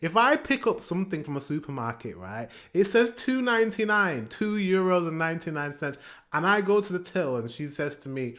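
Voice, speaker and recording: British man ranting on a reaction video. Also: a little high. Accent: British English. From England. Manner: animated, ranting, pauses to comment. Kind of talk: casual reaction commentary.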